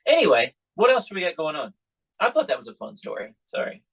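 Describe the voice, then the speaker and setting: A man's voice: on the high side, fast, vocal fry, husky, low-quality recording. A middle-aged man hosting a podcast, telling stories in casual chat and acting out the people he quotes. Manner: animated storyteller acting out quoted voices. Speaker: podcast host, magician.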